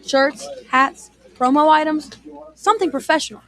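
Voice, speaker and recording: A woman's voice: high-pitched, normal speed, a bit bright. A woman acting in a scripted radio ad dialogue, confident and persuasive. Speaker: ad voice actor.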